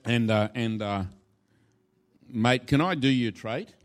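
A man's voice: mid-range voice, takes it slowly. A male pastor preaching a sermon in a church, informal and playful, acting out little scenes as he teaches. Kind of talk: sermon with a live demonstration.

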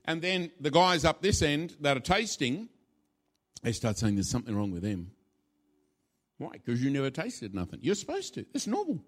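A man's voice: on the high side, huge pitch swings, normal speed. A male pastor preaching a sermon in a church, informal and playful, acting out little scenes as he teaches. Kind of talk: sermon with a live demonstration.

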